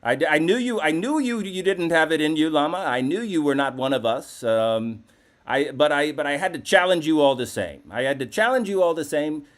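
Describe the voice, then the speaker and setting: Brash, lively-voiced male comedy host. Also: a little high, brisk. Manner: brash, profane, rambling. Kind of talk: live call-in comedy show.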